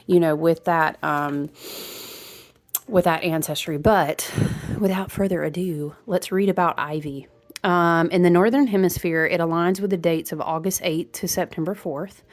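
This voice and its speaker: A woman giving a casual spiritual oracle card reading, chatty and full of fillers, addressing her viewers directly. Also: on the low side.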